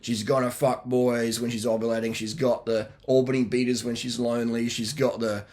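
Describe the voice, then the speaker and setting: A man's voice: mid-range voice, flat delivery, moderate pace, a little mellow. A middle-aged man giving blunt, slangy dating advice in a casual monologue, with laughing asides. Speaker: video blogger answering viewer questions.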